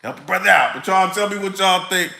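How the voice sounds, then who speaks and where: A man ranting casually to camera in his vlog, animated, full of slang and laughing often. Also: sits high, fast, vocal fry, echoey room, rough recording. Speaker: vlogger.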